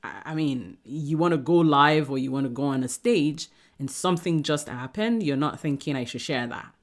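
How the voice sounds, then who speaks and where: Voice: medium pitch, normal speed. Host gushing over the guest's story, mid voice, chatty. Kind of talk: casual interview chat.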